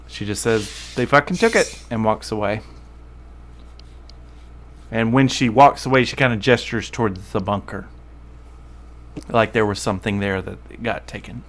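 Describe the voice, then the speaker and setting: A man narrating as game master of a tabletop game, rambling and correcting himself as he goes. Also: on the low side.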